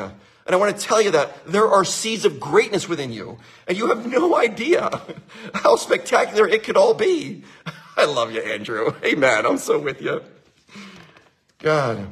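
A man's voice: sits high, a bit bright, breathy edge. A man who owns a winery giving an enthusiastic, repetitive motivational talk, laughing often.

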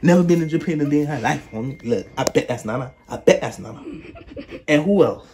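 A man in casual chat, teasing his relatives in slangy, animated talk. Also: a little high, quick pace, noisy background. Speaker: family member roasting relatives.

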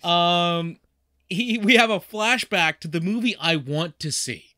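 A man's voice: sits high, a little slow, pushed and bright, no room sound, clean studio sound. A man co-hosting a podcast in casual chat, joking and laughing a lot. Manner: jokey, laughs often, fillers and restarts. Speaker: podcast co-host.

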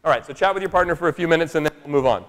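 A man telling a family story to a live workshop audience in an animated, chatty way, often asking "right?". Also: a little high, very fast. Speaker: speaker at a workshop. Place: large room with a live audience. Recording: long echo of a large hall.

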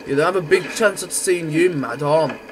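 A man giving loud, crude, excitable gameplay commentary. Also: a little high, normal speed, noisy background. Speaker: gamer.

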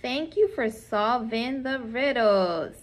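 Friendly gingerbread boy, slow and sweet, put on by a woman teacher. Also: on the high side, animated, voice pushed up. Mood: grateful. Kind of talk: children's class talk.

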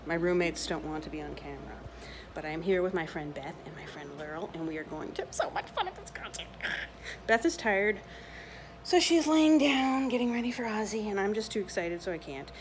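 A woman vlogging on a handheld camera, gushing, swearing and exclaiming with excitement. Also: on the low side, brisk, background noise. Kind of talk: excited travel vlog. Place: hotel room, restaurant, outdoors.

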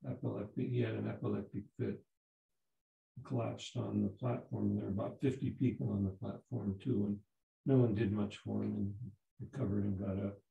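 A man in his seventies, a Zen teacher giving a dharma talk, telling a story in a halting way with many restarts. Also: on the low side, fairly even intonation, creaky, narrow, tinny audio. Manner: halting, repeats words and restarts. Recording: roomy echo.

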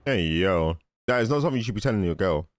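A young man giving casual, excitable commentary while watching a film, often laughing and exclaiming. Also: fairly low pitch, fast talker, no room sound, soft background music. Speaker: movie reaction host. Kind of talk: casual movie reaction commentary.

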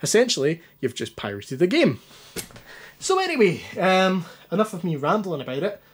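A man's voice: high-pitched, sing-song, normal speed, breathy edge. Anxious man, rambling and self-deprecating, home demo video, filled with ums. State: anxious, stutters. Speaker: retro gaming youtuber. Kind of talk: casual hands-on demo.

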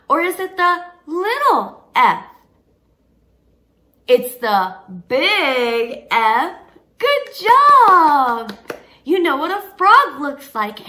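Slow, bright sing-song woman teacher. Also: sits high. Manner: slow, sing-song and encouraging, with gasps of delight. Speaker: children's teacher. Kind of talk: toddler learning video.

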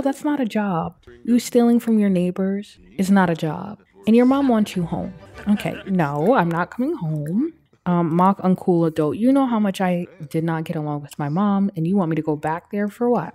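A young woman casually narrating her life-simulation game, chatting and putting quick voices on the characters. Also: medium pitch, a little mellow. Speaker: let's play gamer. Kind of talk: casual gameplay commentary.

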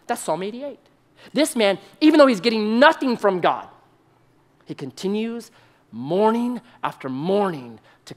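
This high-pitched male preacher alternates excited, loud outbursts with quiet, hushed moments of emphasis, returning again and again to short repeated phrases.

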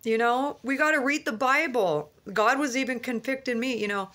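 A woman's voice: fairly high pitch, normal speed, hardly any pauses, a bit bright. A woman vlogger sits in a car and delivers a fervent religious monologue. She talks earnestly and rambles, often restarting with "you know.". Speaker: Christian vlogger.

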